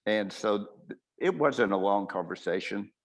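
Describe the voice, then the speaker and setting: A male surgeon tells a patient's story on a webinar, his low voice carrying a steady gravelly fry. He talks haltingly, often restarting and correcting himself mid-sentence.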